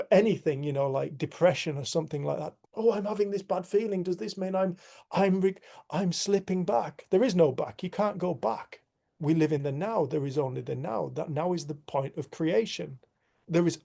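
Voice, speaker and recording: Gravelly, candid man talking. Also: on the high side, warm tone. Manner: candid, earthy, swears, laughs at himself. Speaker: group facilitator. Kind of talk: casual spiritual talk to a group. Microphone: video call.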